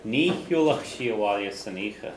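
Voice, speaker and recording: A man teaching a language class, patiently drilling phrases slowly so students can repeat them. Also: on the low side, expressive, echoey room, a crowd in the background, rough recording.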